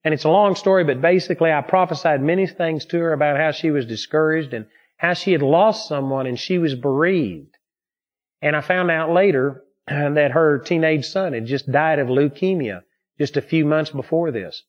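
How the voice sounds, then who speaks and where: Earnest preacher man, slightly high voice. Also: normal speed. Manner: earnest, steady storytelling. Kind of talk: sermon teaching with personal stories. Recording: dull lo-fi recording.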